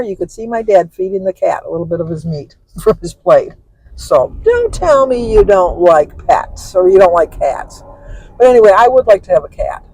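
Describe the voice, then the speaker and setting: A woman's voice: mid-range voice, darkish tone, low-quality recording. An older woman from Michigan, rambling and correcting herself as she chats to the camera from a car she is driving. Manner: chatty, meandering, self-correcting storyteller. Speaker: vlogger. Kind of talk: rambling casual chat.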